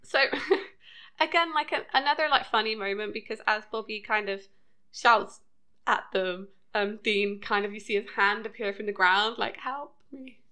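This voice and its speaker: Bright-voiced British woman podcast co-host. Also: mid-range voice, moderate pace. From United Kingdom. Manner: chatty, laughs often. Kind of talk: casual chat recapping a TV episode.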